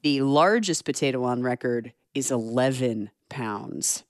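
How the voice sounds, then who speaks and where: A woman's voice: rumbling low, unhurried, no echo, clean studio sound. A woman co-hosting a radio show, telling a news story in a playful, giggly way. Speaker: co-host.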